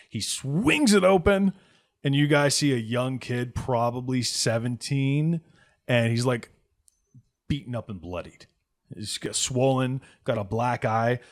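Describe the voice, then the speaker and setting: A man running a tabletop game as game master, narrating in a loose, conversational way. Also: medium pitch.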